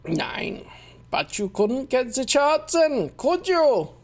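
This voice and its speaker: A man voicing a suave young male rock-star prosecutor in a low, drawling German accent, read aloud over a video game. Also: big pitch swings, slow pace, creaky, exaggerated voice. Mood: smug.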